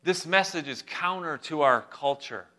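A young adult man preaching a sermon as pastor, animated and humorous, speaking directly to his congregation. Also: fairly high pitch, moderate pace.

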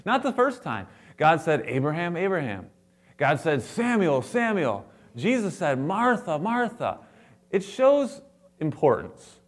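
A man preaching a sermon as a pastor to his congregation, animated and playful, acting out the lines he quotes. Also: on the high side.

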